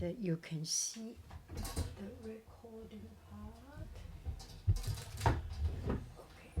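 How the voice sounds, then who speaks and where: A woman casually demoing a new microphone, drifting between quiet speech and whispers. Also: medium pitch, husky. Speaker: vlogger unboxing and testing a microphone. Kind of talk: casual demo with soft whispering. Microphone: testing a new desktop microphone.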